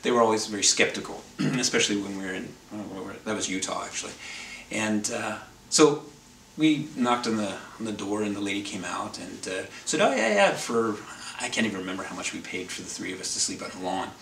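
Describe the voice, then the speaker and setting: A man tells a rambling, wry anecdote to camera in a casual way, often correcting himself as he goes. His lowish voice is steady, quick, creaky, and a bit bright. The recording sounds roomy and distant, with faint background noise.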